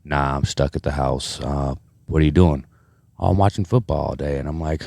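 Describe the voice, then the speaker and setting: A man chatting casually on a podcast, telling profane, animated stories full of fillers. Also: extremely low pitch, fairly quick, gravelly, dry recording. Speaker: podcast host. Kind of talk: casual chat, storytelling.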